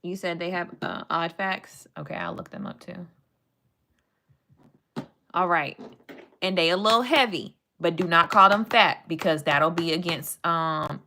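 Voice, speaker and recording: Chatty woman with a bright voice. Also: fairly low pitch, a little hiss or hum. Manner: playful, chatty, talks to chat and reads facts aloud. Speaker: live streamer. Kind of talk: casual live-stream chat.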